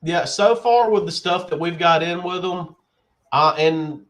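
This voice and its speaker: A man co-hosting a podcast over a video call, congested from a sinus infection, talking in a relaxed, rambling way. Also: on the high side, measured pace. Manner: relaxed, rambling, filler-heavy. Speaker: podcast co-host. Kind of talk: casual chat.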